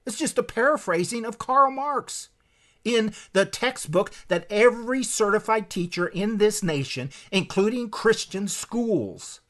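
Male preacher, fairly high pitch, emphatic and fiery, reads quotes aloud from a book. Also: lively intonation, measured pace. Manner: emphatic, with sharp swings in pitch and loudness. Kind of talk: impassioned sermon-style lecture.

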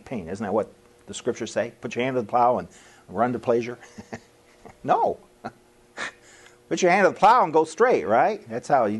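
A middle-aged man preaching a sermon to a live audience in a folksy, animated way, laughing at his own lines and acting out quoted voices. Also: fairly low pitch, slightly rough.

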